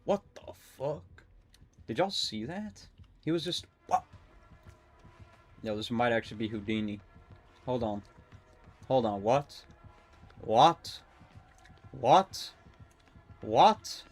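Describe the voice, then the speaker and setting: A young adult man streaming a game, rambling and excitable, swearing often and talking to his chat. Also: medium pitch, measured pace, long pauses. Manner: talks to chat. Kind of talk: casual live-stream commentary while gaming.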